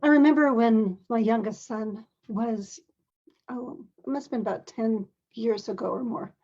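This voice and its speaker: An older woman tells a personal story from her life as a mother and grandmother in a gentle, earnest, measured way. Her voice sits a little high and has a husky edge. The recording sounds dull and lo-fi. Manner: gentle, earnest, measured, with occasional throat clearing. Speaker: parent sharing a personal story.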